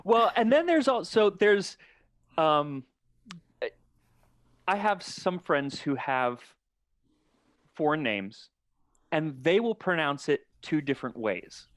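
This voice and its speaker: A man talking as a podcast guest in casual chat, measured and thoughtful, often restarting his sentences. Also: fairly high pitch, big pitch swings, a bit bright, dry recording, clean studio sound.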